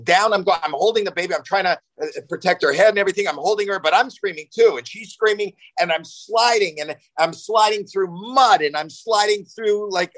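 A man in his sixties, a podcast guest telling a long, animated anecdote and acting out panic in it. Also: sits high, dry recording, low-quality recording. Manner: excitable, acts out panic and shouting in anecdotes. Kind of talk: animated storytelling.

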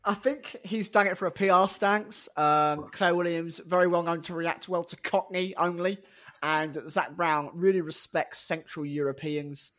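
A man's voice: on the high side, fairly bright tone. A man co-hosting a podcast in casual, jokey banter. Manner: jokey, slips into comic impressions. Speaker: podcast co-host.

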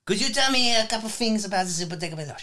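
A man's voice: high voice, expressive, rapid-fire, pushed and bright, pitched above the performer's own voice. A man voicing a bumbling male French TV chef host with a put-on French accent, in a hammy, over-the-top manner.

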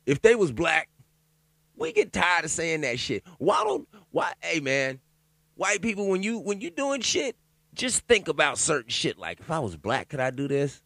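Animated, profane man riffing solo. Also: a little high, creaky, dry recording. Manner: loud, profane, animated riffing with laughs and asides; reads news out loud haltingly. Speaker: commentator. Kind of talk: casual profane commentary monologue.

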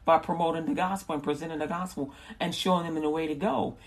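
A woman's voice: sits low, fairly even intonation, fast. A woman giving casual Bible teaching in a rambling, slangy way, with frequent restarts.

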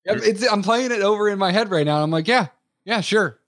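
A man's voice: sits high, quick pace, dry recording. Joking male podcast co-host, dry sound. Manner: animated, joking, laughs often. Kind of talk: casual podcast chat.

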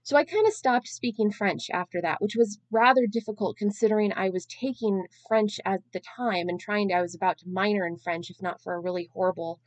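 A woman's voice: mid-range voice, fairly quick, few pauses, no room sound. A woman in her thirties hosting a podcast alone, telling a long-winded, self-deprecating story in a casual, chatty way. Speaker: podcast host.

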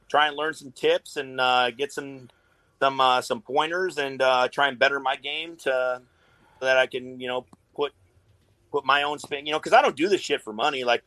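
A middle-aged man with a mid-range, bright voice talks casually as a guest on a podcast, where he's a tattoo artist. His tone is forceful, he swears constantly, and he rambles through his stories in a laid-back way. The recording is low quality with no room sound.

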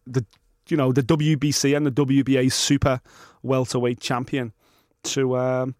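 A man's voice: mid-range voice, little pitch movement, moderate pace, a little mellow, dry recording, studio quality. Opinionated male podcaster. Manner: emphatic, swearing, opinionated. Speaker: podcast host. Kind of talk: casual chat.

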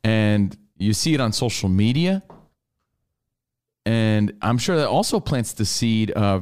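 A man hosting a radio show, talking bluntly in casual studio chat. His pitch swings widely as he acts out what others say. He sounds animated and direct throughout. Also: a little slow.

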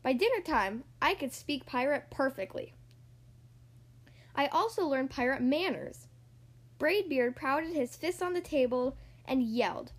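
A woman reads a children's picture book aloud. Her voice sits high and moves a lot, with an expressive, storytelling lilt. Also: unhurried. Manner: lively, expressive reading. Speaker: storybook reader. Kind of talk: storybook read-aloud narration.

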